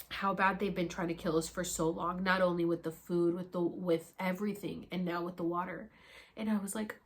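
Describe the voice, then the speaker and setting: This young woman's voice is lowish and fairly quick as she tells a story to camera for her vlog. She's animated and casual, re-enacting things she said back then while laughing, crying, and swearing casually.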